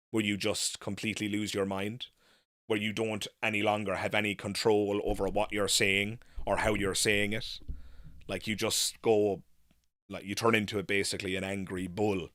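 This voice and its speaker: Forceful man telling a frank story. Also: on the low side, no room sound, clean studio sound. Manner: animated, frank, swears casually. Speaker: host. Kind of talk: live Q&A storytelling.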